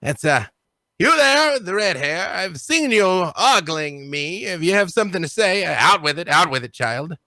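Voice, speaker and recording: A man's voice: high-pitched, very animated, normal speed, pushed and bright, no room sound, voice pushed up, heavily acted. A man voicing a brash female cat-folk ship captain with an imperious manner and a wavering put-on accent.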